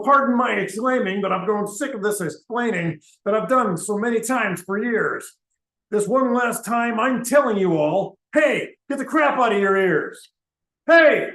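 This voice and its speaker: A man playing a grumpy old bearded man who is tired of being mistaken for Santa, ranting and shouting in a singsong. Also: extremely high pitch, reverberant, full character voice, rough recording. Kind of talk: comedic character monologue.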